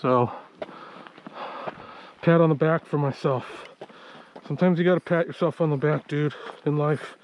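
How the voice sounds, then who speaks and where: A man's voice: fairly high pitch, normal speed, pauses often, darkish tone, a little hiss or hum. Winded man vlogging on a trail. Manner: chatty, self-talking while walking uphill. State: out of breath. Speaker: outdoor vlogger. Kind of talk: casual hiking vlog. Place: outdoor hillside trail.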